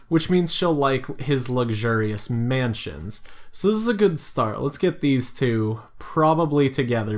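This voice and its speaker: Tired man rambling through game commentary. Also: mid-range voice. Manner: rambling, jokey asides, thinks aloud. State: tired late at night. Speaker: let's play host. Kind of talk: casual gameplay commentary.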